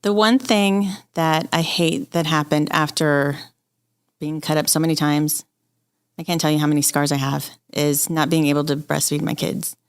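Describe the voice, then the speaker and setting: Low-voiced woman telling her story. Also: fairly even intonation, normal speed, smooth, dry recording. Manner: candid, open, quotes people she talks to. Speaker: interview guest. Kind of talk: emotional personal story.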